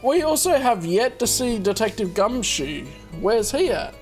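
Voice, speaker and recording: A man's voice: very high-pitched, very animated, unhurried, over music. A man hosting a let's play, making chatty, self-aware asides between reading the game's lines. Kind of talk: casual game commentary.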